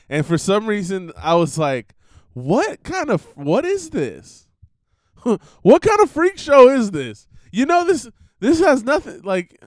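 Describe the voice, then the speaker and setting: A man's voice: on the high side, clean tone, dry recording, clean studio sound. A young man hosting a podcast, rambling in a casual monologue full of fillers and laughter. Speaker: podcast host. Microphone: computer recording setup.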